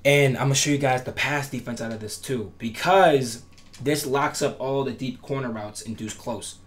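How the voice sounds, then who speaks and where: A man of mid-range pitch speaking at a normal speed gives a casual gameplay tutorial on defensive setups. The gaming tutorial creator is instructive, emphatic and repetitive, making emphatic promises while his voice cracks here and there.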